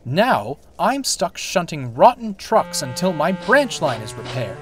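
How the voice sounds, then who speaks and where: A man's voice: a little high, very animated, a little slow, pitched above the performer's own voice. A man voicing a tired, grumpy male steam engine who grumbles and huffs indignantly, with music behind him. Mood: grumbling.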